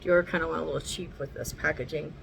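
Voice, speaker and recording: A woman's voice: sits low, fairly even intonation, fast, vocal fry, slight background noise, rough recording. A woman chatting casually through a makeup tutorial at home, rambling and swearing now and then. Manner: talks sweetly to her dog. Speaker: makeup vlogger.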